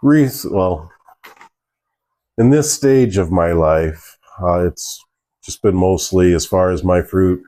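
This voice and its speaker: A man in his forties with a very low, dark, mellow voice talks as a guest. He rambles and hesitates as he goes. The sound is dry and close. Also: slow, pauses often, no room sound. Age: 40s. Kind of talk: casual interview chat.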